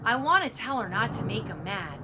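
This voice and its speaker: A woman narrating a middle-grade novel in first person, with expressive, youthful storytelling. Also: mid-range voice, a little fast, very noisy. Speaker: audiobook narrator.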